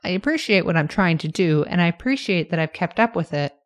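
A woman hosting her own podcast, talking through her plans in a candid, self-reflective, measured way. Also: fairly low pitch, animated. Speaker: podcast host. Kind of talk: reflective solo podcast monologue.

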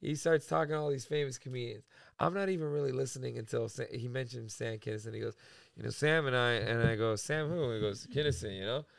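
A young man co-hosting a podcast, telling an animated, slangy story and saying "bro" a lot. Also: medium pitch, fast talker, vocal fry, no echo, studio quality. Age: young adult. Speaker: podcast co-host. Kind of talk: casual chat.

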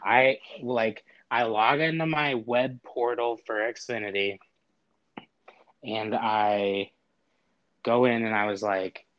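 A man's voice: mid-range voice, slow. Guy ranting about a phone robot, does all the voices, kinda muffled lo-fi audio. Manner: animated, acts out both sides of a phone call with exasperated humor. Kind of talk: casual storytelling. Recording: dull lo-fi audio.

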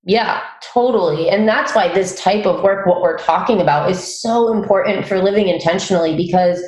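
A woman hosting a podcast, speaking in an earnest, reflective way and agreeing warmly with her guest. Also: medium pitch, moderate pace. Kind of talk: casual podcast conversation. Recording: echoey room.

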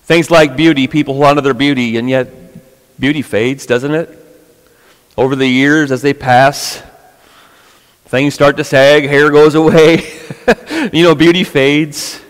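Male pastor, casual youth sermon, slightly high voice, conversational, repeats words, long church reverb. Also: fairly even intonation, unhurried, long pauses. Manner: conversational, with many repetitions and fillers. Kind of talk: informal sermon to a youth group.

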